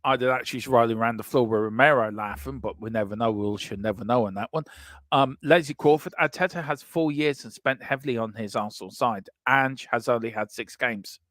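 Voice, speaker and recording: A man co-hosting a casual fan chat show, reading out comments in an animated, joking way and repeating himself for emphasis. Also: medium pitch, a little fast, no echo, clean studio sound. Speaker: co-host of a fan channel show.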